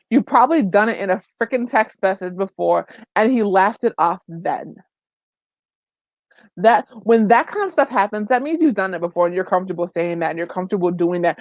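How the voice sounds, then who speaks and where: A woman's voice: medium pitch, no echo. A woman giving emphatic, opinionated commentary in a casual vlog, full of exclamations and slangy asides. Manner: colloquial, says "child" and "girl" often. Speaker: vlogger.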